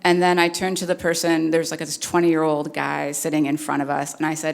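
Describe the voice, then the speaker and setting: A woman's voice: low voice, monotone, brisk, gravelly, few pauses. A woman speaker telling a personal story on stage in an earnest, conversational way with many fillers. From Canada. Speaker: keynote speaker.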